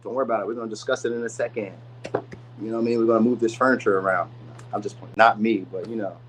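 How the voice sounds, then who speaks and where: A man's voice: fairly low pitch, fairly even intonation, very fast, slight background noise, poor audio. A man giving a casual tarot reading to camera, rambling and chatty with lots of asides, sometimes acting out the people he describes. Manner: loose, rambling, chatty delivery with many asides; acts out quoted people in voices. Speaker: tarot reader.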